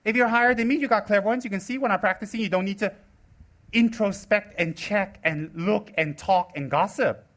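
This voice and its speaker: A man in his forties from the United States, giving a live Buddhist teaching with teasing, sarcastic, animated delivery. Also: high-pitched, normal speed. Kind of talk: live dharma talk.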